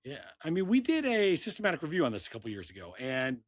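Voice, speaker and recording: A man's voice: a little high, huge pitch swings, fast talker, no echo, clean studio sound. A man, a researcher and clinician, answering an interview question in a matter-of-fact way and listing points. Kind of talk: casual interview chat.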